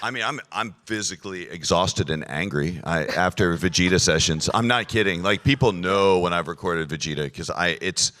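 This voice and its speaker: A man with a very low voice talks on a convention stage with dry, joking humor. His delivery is relaxed and conversational. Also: normal speed, hardly any pauses. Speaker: voice actor on a convention panel. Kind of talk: casual panel talk.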